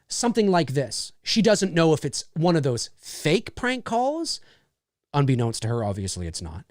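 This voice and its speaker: A man's voice: on the high side, normal speed, dry recording, clean studio sound. A man hosting a casual livestream, animatedly talking through film scenes he made. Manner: animated, acts out scenes as he explains.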